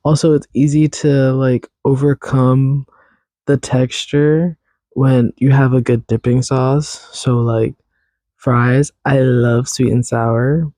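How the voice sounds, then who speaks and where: A man's voice: medium pitch, level tone, slow pace, mellow, no room sound. A man hosting a podcast alone, rambling in a chatty, self-teasing way. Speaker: podcast host. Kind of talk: casual solo podcast chat.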